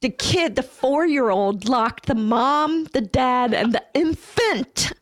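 A woman co-hosting a podcast, chatting casually as a realtor and telling animated stories. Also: sits high, slow, dry recording, clean studio sound. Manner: animated, acts out quoted voices. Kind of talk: casual chat, storytelling.

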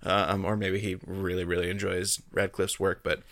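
A man co-hosting a podcast who tells his stories in a rambling way, full of restarts. His voice is bright and a bit low. It is recorded dry and close, with no room sound. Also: little pitch movement, no echo. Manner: rambling, halting storytelling. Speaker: podcast co-host. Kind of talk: casual podcast chat.

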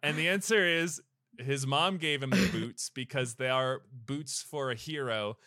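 A man hosting a podcast, casually retelling a film plot in a rambling way, with lots of fillers and quick asides. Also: mid-range voice, pushed and bright, no room sound, studio quality. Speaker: podcast host. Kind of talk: casual movie recap chat.

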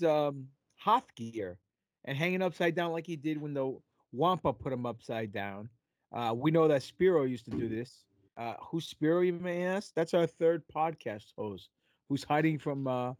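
A man's voice: a little high, no room sound. Rambling male podcast host, dry sound. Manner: rambling, joke-telling, many fillers. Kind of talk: casual podcast chat.

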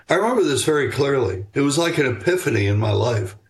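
An older man answering interview questions about raising children in a measured, reflective way, pausing on fillers and restarting sentences. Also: medium pitch, expressive. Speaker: guest author on parenting.

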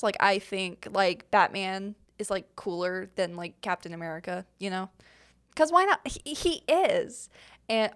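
Young woman, podcast host, loose chatty Q&A delivery, smooth clear voice. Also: mid-range voice, fairly bright tone. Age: young adult. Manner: chatty, rambling, many fillers and giggles. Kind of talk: casual Q&A chat.

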